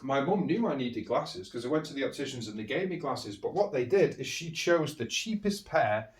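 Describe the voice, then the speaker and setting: A man's voice: mid-range voice, expressive, normal speed, reverberant, far from the mic. A man with a British accent telling candid, rambling stories about his own childhood as a podcast host. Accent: British English. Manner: rambling and candid, with frequent restarts and chuckles. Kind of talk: candid personal storytelling.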